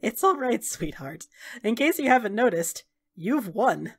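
A regal, motherly goddess, played by a woman running the game. She speaks fondly and soothingly, calling the heroes sweetheart. Her voice sits slightly high. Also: animated, moderate pace. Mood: warm. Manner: fond, calls everyone sweetheart. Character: motherly regal female Raven Queen deity.

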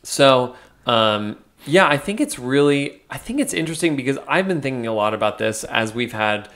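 A young man in casual podcast chat, mid-pitched and easygoing. He rambles a little, circling back with fillers and restarts as he thinks aloud. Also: sing-song, moderate pace, fairly bright tone. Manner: chatty, hesitant with many fillers and restarts. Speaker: podcast co-host.

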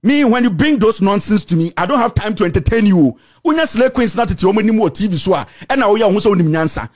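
A man with a Ghanaian accent delivering an angry, insulting rant to the camera, repeating himself and shouting. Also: high voice, expressive, quick pace. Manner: shouting, insulting, repetitive tirade. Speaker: political commentator.

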